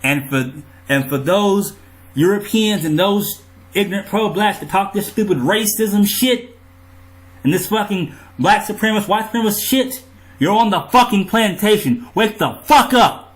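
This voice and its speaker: A man's voice: sits high, moderate pace. A man in an angry monologue to his viewers, riled up, profane and ranting. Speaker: vlogger.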